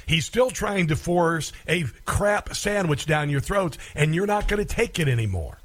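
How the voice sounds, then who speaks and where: A man's voice: fairly high pitch, animated, normal speed, few pauses, a bit bright. Combative male talk radio host. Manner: sarcastic, combative, mocking asides. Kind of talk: political talk radio monologue.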